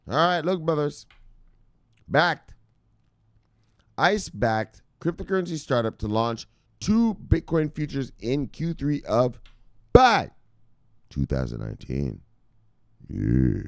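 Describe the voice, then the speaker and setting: A man presenting crypto news in an excitable, casual, profane way, talking to viewers like brothers. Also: medium pitch, slow pace, long pauses, dry recording, studio quality.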